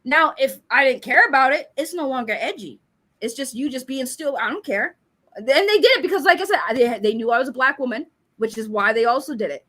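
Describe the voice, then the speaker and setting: A woman talking candidly as a panelist on a discussion show, telling stories in an animated way. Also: high-pitched, fairly quick.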